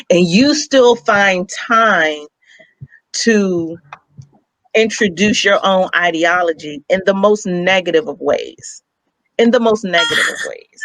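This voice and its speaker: A woman's voice: lowish voice, a bit bright, no echo, low-quality recording. A young woman co-hosting a talk show, telling a personal story in a blunt, heartfelt and emphatic way, with some swearing. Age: young adult. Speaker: radio show co-host.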